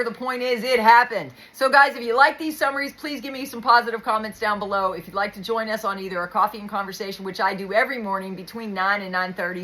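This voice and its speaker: A tired woman hosts a casual livestream, chatting as she reads out posts from others. Her voice is bright and carries a forward edge. She rambles and asides freely between the quotes. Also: mid-range voice, low-quality recording. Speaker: host.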